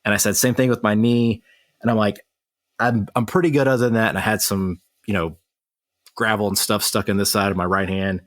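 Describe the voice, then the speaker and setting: An American man co-hosting a podcast, retelling an accident in a brisk, animated way, quoting what everyone said. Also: lowish voice, no room sound, studio quality. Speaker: podcast co-host. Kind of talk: casual storytelling chat.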